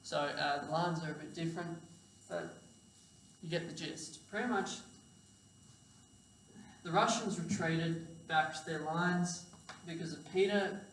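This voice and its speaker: A man's voice: a little high, steady tone, a little slow, long pauses, a bit bright. A sleep-deprived man giving a casual, rambling history lecture, swearing and correcting himself as he goes. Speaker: history presenter. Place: lecture hall. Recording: echoey hall, distant mic, faint hum.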